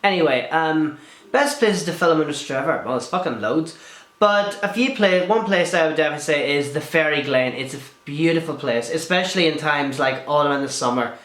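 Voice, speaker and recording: A man's voice: on the high side, fairly quick. Chatty young man, echoey. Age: young adult. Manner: chatty, swears freely, animated asides. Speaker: video blogger. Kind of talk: casual Q&A vlog.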